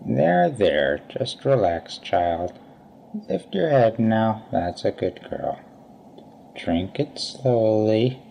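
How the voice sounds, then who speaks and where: An actor playing a gentle old male doctor who speaks in a slow, soothing, kindly way in a radio play. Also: lowish voice, big pitch swings, creaky, slight background noise, full character voice.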